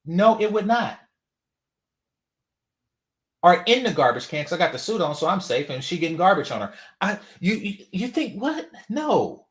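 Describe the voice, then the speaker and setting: A man's voice: high voice, big pitch swings, moderate pace. A man from the Bay Area giving a casual, profane commentary monologue, mocking and repeating phrases for effect. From San Francisco Bay Area. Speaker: commentary channel host.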